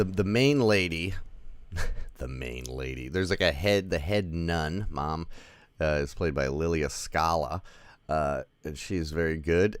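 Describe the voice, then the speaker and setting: A man's voice: extremely low pitch, dry recording. A man hosting a casual film review show, talking in a rambling, chatty way with many fillers. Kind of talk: casual spoken movie review.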